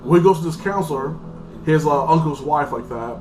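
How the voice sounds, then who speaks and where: A man's voice: on the high side, fairly quick, noisy background. Rambling man reviewing a movie. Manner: rambling, full of "like", acts out characters. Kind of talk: casual spoken movie review. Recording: voice a bit far from the mic, faint music behind.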